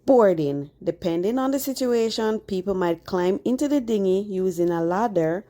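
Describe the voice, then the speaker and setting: A woman's voice: mid-range voice, animated, moderate pace, mellow. A woman narrating a cruise vlog in an explanatory, conversational way. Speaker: cruise vlogger.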